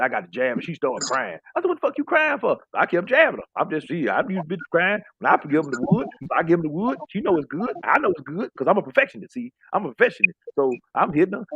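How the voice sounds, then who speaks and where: A man's voice: high-pitched, a bit bright, breathy edge, dry recording, muffled recording, voice pushed up, heavily acted. A man voicing a cocky, boastful young man who brags crudely in a swaggering way.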